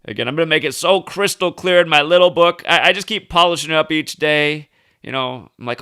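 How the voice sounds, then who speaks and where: Slightly high and fairly quick, his voice is pushed, bright, clear and resonant. The speaker, a conspiracy news commentator in his thirties, gives a casual, indignant, rambling commentary that's emphatic and full of restarts.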